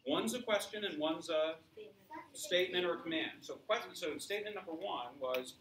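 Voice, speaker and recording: A man's voice: fairly high pitch, a little fast, a crowd in the background. A man teaching science to a class, explaining with examples and asking students questions. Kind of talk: classroom lecture. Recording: echoey classroom from far off.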